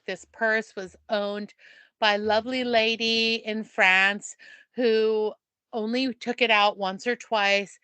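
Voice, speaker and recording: A woman co-hosting a podcast in casual chat, a playful and animated storyteller. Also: mid-range voice, dry recording. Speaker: podcast co-host.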